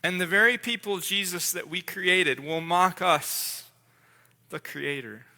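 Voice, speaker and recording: God the Father speaks urgently and tenderly to his son, voiced by a man in a sermon, repeating his words as he presses on. The voice sits high and very bright. A long hall reverb trails every phrase. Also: unhurried, heavily acted. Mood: grave. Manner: intense, pleading, repeats words. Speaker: pastor. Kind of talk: dramatic sermon role-play. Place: church sanctuary.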